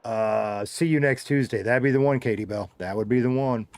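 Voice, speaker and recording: This streamer, a middle-aged Southern US man, reads chat and talks casually with his live audience, joking and wandering through stories. His voice sits at medium pitch with a normal pace and a slightly mellow quality, recorded with no room sound, while his drawl thickens and thins.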